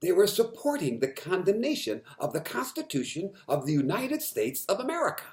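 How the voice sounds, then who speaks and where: Impassioned man with a lively, rising voice. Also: high voice, brisk. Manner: impassioned, swings from quiet to loud emphatic outbursts; frustrated, repeats words when agitated. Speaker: vlogger. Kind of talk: impassioned monologue to camera.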